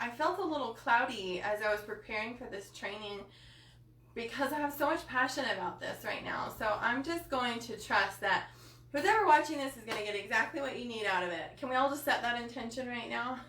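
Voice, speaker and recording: Passionate woman live-streaming, bright and roomy. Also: a little high, expressive, normal speed, a little hiss or hum. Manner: passionate and emotional, with many fillers. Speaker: coach hosting a live body-image training. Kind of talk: live-stream talk to viewers. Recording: roomy sound from a distant mic.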